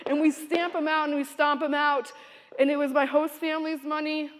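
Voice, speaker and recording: A woman giving a keynote speech, telling a story in an animated, dramatic way. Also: sits high, normal speed. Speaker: keynote speaker. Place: conference hall. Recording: reverberant hall.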